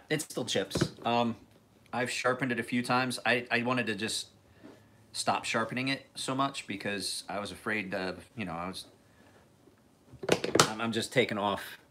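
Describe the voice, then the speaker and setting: A man's voice: on the low side, pushed and bright, slight background noise. A man hosting a casual live stream, rambling in a laid-back way, swearing freely and laughing often.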